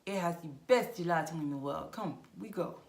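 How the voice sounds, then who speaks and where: A woman voicing a flirtatious Italian man who smoothly coaxes a tourist to come along with him. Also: low voice, normal speed, a little mellow, echoey room. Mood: coaxing. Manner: coaxing, insistent, overly friendly.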